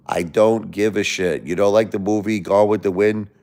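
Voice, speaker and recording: A man hosting a live stream, angrily lecturing and insulting a chat commenter with lots of profanity, swinging between loud outbursts and low muttering. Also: steady tone, moderate pace. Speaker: livestream host reading chat. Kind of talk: livestream rant at a chat commenter.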